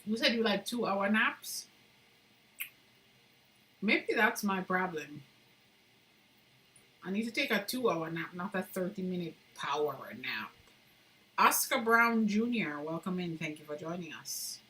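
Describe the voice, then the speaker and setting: Woman chatting with her live viewers from home, lowish voice but bright and punchy, reads out comments, laughs a lot. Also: lively intonation, unhurried, long pauses. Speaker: live-stream host. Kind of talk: casual chat with live viewers while carving. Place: indoors at home.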